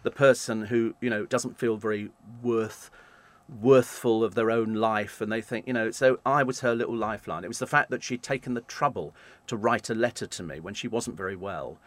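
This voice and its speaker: A man, a radio presenter telling animated stories in an interview. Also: on the low side, moderate pace. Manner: animated anecdotes, acts out quoted voices. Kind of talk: storytelling in an interview.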